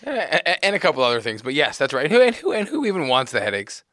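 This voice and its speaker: A man who is a regular on a podcast, trading quick jokes in casual conversation. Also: mid-range voice, huge pitch swings, bright, forceful tone, no echo, studio quality. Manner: quick, joking banter.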